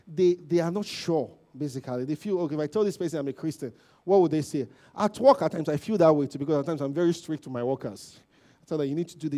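Man, lay preacher, informal sermon, fairly high voice, mellow tone, keeps asking "okay?", swells and fades. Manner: informal, peppered with "you know" and "okay?" checks to the congregation; animated, rising loud at emphasis and trailing low. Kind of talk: conversational sermon.

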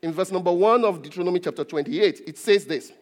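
A man's voice: high voice, fast talker. A male pastor preaching a sermon, emphatic, repeating and stressing key words. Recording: long hall reverb.

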